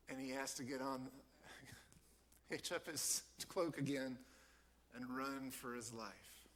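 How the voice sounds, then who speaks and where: A man preaching a sermon as a pastor in a church, telling a Bible story in a lively way and acting out the characters. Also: medium pitch.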